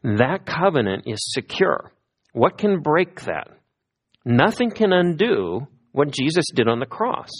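A man preaching a sermon as a pastor, in a conversational manner with lively emphasis. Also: on the high side, unhurried, breathy edge.

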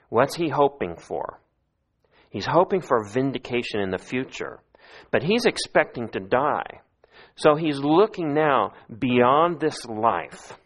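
A man's voice: mid-range voice, very animated, takes it slowly. A man preaching an expository sermon, earnest and often pleading as he voices the verses he reads. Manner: earnest, pleading when quoting scripture.

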